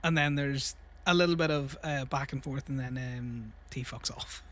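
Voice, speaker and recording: A man's voice: medium pitch, unhurried, a bit bright. A young man casually rambling through a story while livestreaming a game, laughing and swearing freely. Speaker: streamer.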